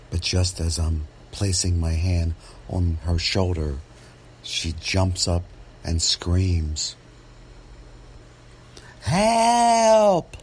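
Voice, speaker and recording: A man, a real estate agent, telling a true story from his work in a measured, dramatic way. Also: low-pitched, slightly rough. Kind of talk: first-person storytelling podcast.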